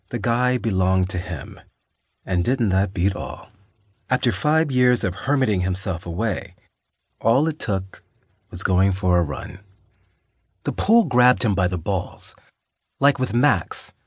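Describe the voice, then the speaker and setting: A man narrating an audiobook in a steady, measured storytelling manner. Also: low-pitched, breathy edge, dry recording, studio quality. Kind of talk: scripted narration.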